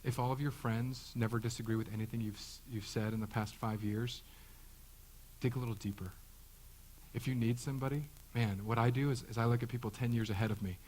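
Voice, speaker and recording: A man's voice: mid-range voice, fairly even intonation, brisk, a little mellow, slight background noise, rough recording. A man in his thirties, a pastor giving a conversational sermon, joking and acting out the voices he quotes. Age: 30s.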